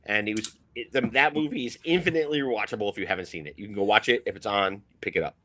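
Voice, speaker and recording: A man's voice: fairly low pitch, racing, pushed and bright, a little hiss or hum. A man co-hosting a beer podcast, upbeat in casual chat as he runs through a list. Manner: upbeat, laughs easily, lists picks. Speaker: podcast co-host.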